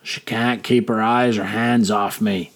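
Man doing a slurry old drunk sailor, bawdy, boastful, higher than his own voice. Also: animated, unhurried, fairly bright tone.

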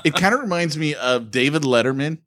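A man's voice: a little high, animated, a little fast, a bit bright, no echo. Wry, jokey male podcast co-host. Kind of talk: casual podcast banter.

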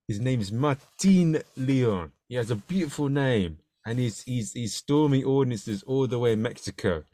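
A man's voice: medium pitch, darkish tone. London guy hosting a podcast, chatty, trips over words, mid voice. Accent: London English. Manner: chatty, stumbling, laughing often. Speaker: podcast host. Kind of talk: casual interview chat.

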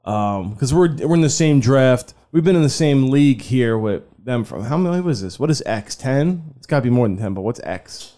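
A man's voice: mid-range voice, animated, moderate pace, hardly any pauses, mellow. A man co-hosting a sports podcast, talking casually and loosely, swearing often and laughing. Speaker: podcast co-host.

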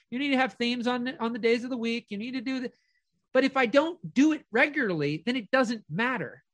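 A man's voice: very high-pitched, fairly bright tone, no room sound. A middle-aged man coaching a caller in an earnest, affirming way, speaking in firm declarations. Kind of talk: motivational coaching call.

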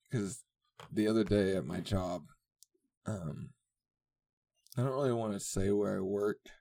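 Young guy rambling solo on his podcast, lowish voice, swears a lot and laughs. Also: darkish tone. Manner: rambling, profane, laughs often. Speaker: podcast host. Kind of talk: casual solo podcast chat.

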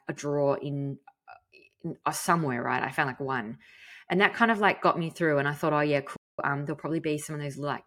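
A woman's voice: deep voice, a bit bright. An Australian woman hosting a podcast, telling a personal story in a chatty, candid way with the odd casual swear. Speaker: podcast host.

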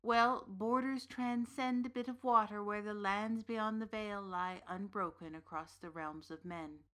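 A woman reading the part of a big, gently knowing uncle from the fairy realm in an audiobook story. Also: mid-range voice, steady tone, unhurried, close to an everyday voice. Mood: calm. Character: big warm Irish uncle, old fairy king's son.

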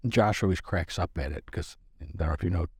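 Man, 60s, podcast guest; low, dry, rambling self-deprecating storyteller. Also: fast, breathy edge, dry recording. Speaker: podcast guest, business founder. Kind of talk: casual storytelling interview.

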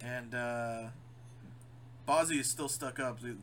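A man's voice: medium pitch, a little hiss or hum, poor audio. A man co-hosting a podcast, casually recapping a cartoon episode, swearing and mimicking characters' lines. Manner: swearing, recaps plot with quick mimicked quotes. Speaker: podcast co-host.

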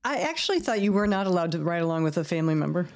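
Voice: medium pitch, sing-song, rapid-fire. A podcast host reacting with short sympathetic comments while interviewing a guest.

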